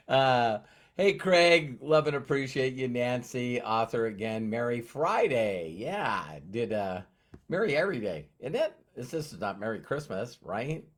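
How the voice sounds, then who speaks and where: A man's voice: medium pitch, very animated, slow. A man hosting a motivational live stream, chatting casually and greeting viewers by name. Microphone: phone.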